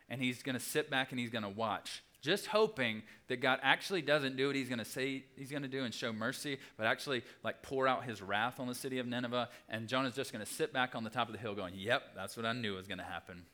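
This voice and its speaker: A young adult man preaching a sermon, animated, acting out the people in the story with big jumps in his voice. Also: a little fast. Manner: animated, acts out voices with big pitch swings. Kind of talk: sermon teaching.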